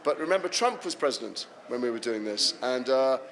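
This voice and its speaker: An English man, an actor answering fan questions at a convention panel, telling animated, self-deprecating stories. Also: medium pitch, a little fast. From England. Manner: animated anecdotal storytelling, self-deprecating humour.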